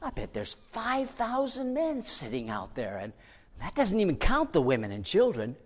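A man's voice: mid-range voice, expressive, moderate pace, darkish tone, husky. A man voicing a practical, worried disciple who frets anxiously. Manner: fretful, anxious. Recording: long hall reverb.

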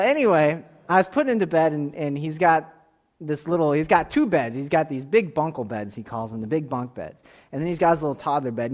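A man in his thirties leading a church class, telling a story in a relaxed way, with soft asides and emphatic bursts. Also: on the high side. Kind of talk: sermon-style Bible lesson.

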